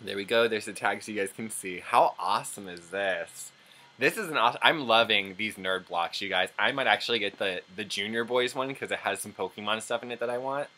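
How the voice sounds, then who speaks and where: A young adult man hosting an unboxing vlog, gushing and excitable, often gasping and squealing as he chats straight to his viewers. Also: fairly low pitch, a little fast. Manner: chatty and direct to viewers. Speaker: channel host.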